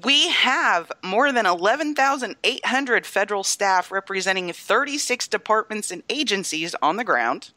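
A woman's voice: mid-range voice, expressive, moderate pace, few pauses, bright, forceful tone, dry recording. A woman co-hosting a casual podcast chat with dry, amused reactions. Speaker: podcast co-host.

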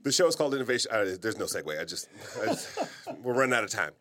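A man's voice: fairly low pitch, big pitch swings, fast, a bit bright. A man from Detroit who hosts a podcast, chatting in an easygoing way and laughing along with his guest. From Detroit, USA. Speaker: podcast host. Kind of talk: conversational interview.

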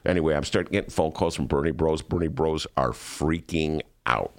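A man's voice: very deep voice, brisk. A man hosting a podcast, telling comedic stories in casual chat and acting out the people in them. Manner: animated storyteller who acts out other people. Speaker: podcast host.

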